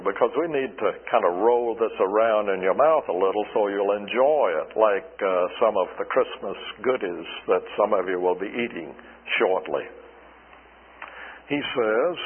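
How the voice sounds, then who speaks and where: A man preaching a sermon in a slow, deliberate way, asking his congregation rhetorical questions. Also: lowish voice, husky. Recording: tinny radio broadcast with long reverb.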